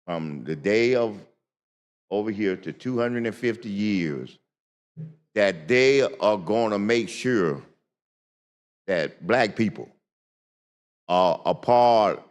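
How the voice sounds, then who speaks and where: Slow emphatic senator in an echoing chamber. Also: male voice, lowish voice, clear, resonant tone. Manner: deliberate, emphatic, repeats for stress. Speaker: state senator. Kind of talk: floor debate. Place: legislative chamber. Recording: long reverb of a large chamber.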